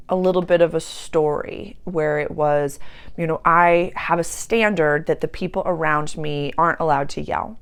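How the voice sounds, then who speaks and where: Woman host, spiritual coach, casual chatty delivery, low and gravelly. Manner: chatty, animated, acts out quoted voices.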